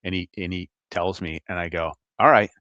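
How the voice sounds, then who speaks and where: A middle-aged man, a retired agent, telling animated, laughing anecdotes as a guest in a casual interview. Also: low voice, fairly quick, dry recording, muffled recording.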